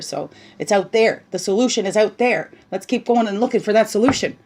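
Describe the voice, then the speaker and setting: A woman giving a casual spiritual talk while reading oracle cards, bubbly and chatty, often tagging on "right?" and slipping into soft, hushed asides. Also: mid-range voice, fast, hardly any pauses, slightly rough. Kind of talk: casual spiritual teaching monologue.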